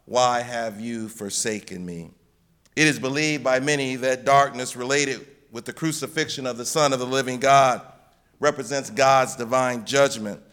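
A man delivers a Good Friday sermon in a measured, emphatic manner. His voice sits at a middle pitch. He lifts it when he repeats the cries from the cross. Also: fairly bright tone. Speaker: preacher.

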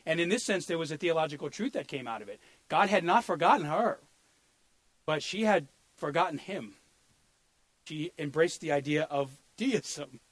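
A man's voice: fairly high pitch, animated, normal speed, no echo. A male pastor preaching an earnest sermon, sometimes repeating words as he searches for them.

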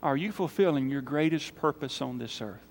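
A man preaching a sermon as pastor, emphatic, swinging between loud calls and quiet appeals. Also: mid-range voice, expressive, normal speed, gravelly, slight background noise. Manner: emphatic, rising to loud calls then dropping soft for prayer. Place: church sanctuary. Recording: church hall reverb.

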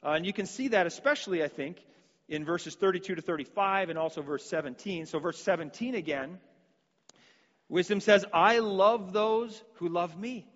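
A man's voice: on the high side, fairly quick, long reverb tail, dull audio. A man preaching a sermon, earnest and given to repeating words as he restarts his sentences.

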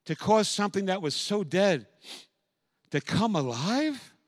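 Male pastor, fairly high voice, fervent sermon delivery, dry close mic. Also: big pitch swings, unhurried, no room sound. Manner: builds from quiet reflection to loud, impassioned preaching.

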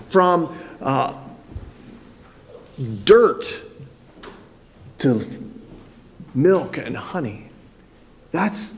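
A man preaching a sermon, earnest, often repeating words as he builds a point. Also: a little high. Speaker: pastor.

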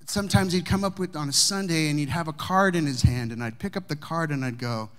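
A man preaching, a pastor telling a personal story to his congregation with humor and warmth of delivery. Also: on the high side, a little fast. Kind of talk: sermon storytelling. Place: church sanctuary with congregation.

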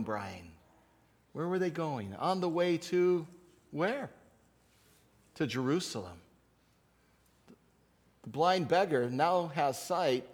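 A man preaching a sermon as pastor, swinging between loud emphatic passages and quiet asides, with frequent filler sounds. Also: on the high side, long reverb tail. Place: church sanctuary.

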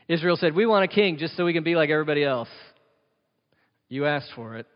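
A man's voice: fairly high pitch, expressive, fairly quick. A man preaching a sermon as pastor, using rhetorical questions and emphatic repetition. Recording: dull sound with long reverb of a hall.

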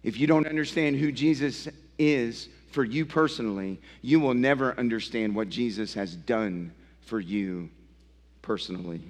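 A male pastor preaching a sermon in a church, emphatic, building through repeated phrases and dropping low for effect. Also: normal speed, a little mellow. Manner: emphatic, building repetition with dramatic drops. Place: church sanctuary. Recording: long church hall reverb.

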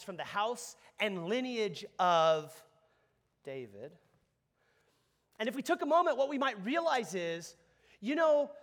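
A man preaching a sermon, animated and conversational, leading the congregation in call-and-response. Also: very high voice. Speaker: pastor.

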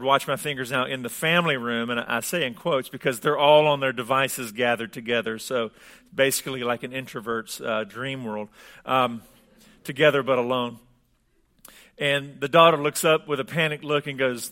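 A man preaching a sermon with a bright, forceful voice. He speaks in a relaxed, conversational way and tells stories with humor. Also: medium pitch, moderate pace. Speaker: pastor.

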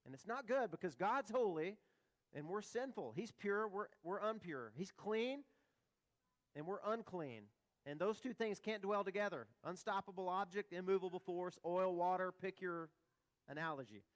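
A male pastor delivers a sermon with a fairly high voice. He talks in a conversational way, throwing out rhetorical questions and light humorous asides. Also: lively intonation, moderate pace.

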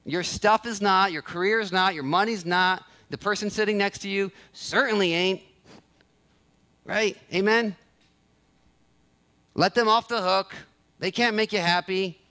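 A man preaching to his church with a high, bright voice. He is animated, acting out the prayers he quotes and repeating his key phrases to drive them home. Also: unhurried, long pauses. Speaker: pastor. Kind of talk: sermon. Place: church sanctuary.

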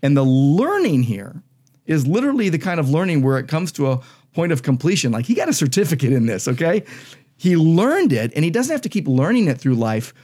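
A man's voice: on the high side, big pitch swings, fairly quick, mellow. A man, a pastor and podcast co-host, explaining Bible verses in an emphatic, conversational teaching style. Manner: emphatic, explanatory, reads scripture aloud.

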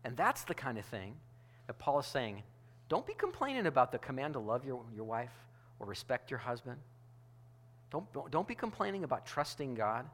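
A man's voice: medium pitch, very animated, normal speed, fairly bright tone. A male pastor delivering a sermon in a conversational, emphatic way, often restarting his phrases.

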